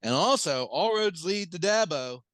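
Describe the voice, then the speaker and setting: A man co-hosting a sports podcast, measured and wry in casual banter. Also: high-pitched, lively intonation, a bit bright, no echo, clean studio sound. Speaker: podcast co-host.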